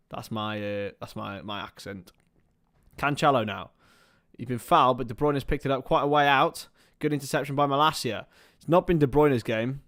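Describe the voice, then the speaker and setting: A man hosting a live football watchalong stream, swinging between excitable play-by-play and chatty asides with casual swearing. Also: medium pitch. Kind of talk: casual live match commentary.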